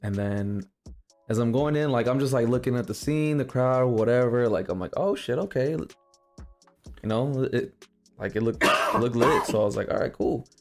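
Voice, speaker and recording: A man in his twenties co-hosting a live podcast, telling a story in a casual, profane, animated way and acting out the quotes. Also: mid-range voice, normal speed, faint music behind. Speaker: podcast co-host. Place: live show venue.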